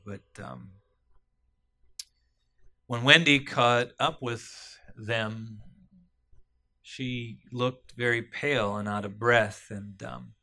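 A man retelling a story aloud, halting often with fillers and restarts. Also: medium pitch, steady tone, pushed and bright.

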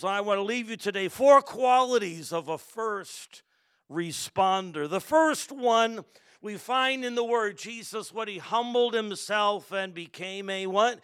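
Middle-aged male pastor, high smooth voice, animated preaching with call-and-response. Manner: animated storytelling, calls congregation to respond. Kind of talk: sermon with personal story.

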